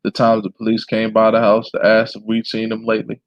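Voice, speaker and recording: A man reading a memoir aloud in a plain, steady way, now and then clearing his throat. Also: on the low side, brisk, no room sound, dull audio. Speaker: reader.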